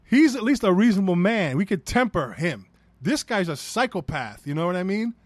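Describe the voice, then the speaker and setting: Man, New York accent, podcast host, profane rant, rambling, high voice, dry close mic. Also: big pitch swings, moderate pace, no echo.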